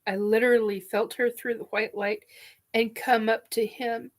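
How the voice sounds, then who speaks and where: A woman's voice: a little high, flat delivery. Tearful woman telling a personal story. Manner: tearful, halting, with restarts and sniffs. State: crying. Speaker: vlogger. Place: her living room, TV on.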